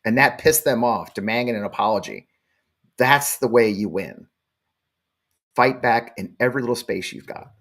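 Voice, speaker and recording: Male host in his forties, middle pitch; blunt, defiant, swears freely. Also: normal speed, long pauses, a bit bright. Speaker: show host. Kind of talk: live show monologue.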